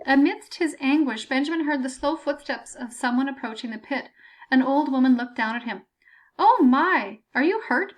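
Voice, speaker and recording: High-voiced woman narrating a story. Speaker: audiobook reader. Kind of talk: audiobook narration.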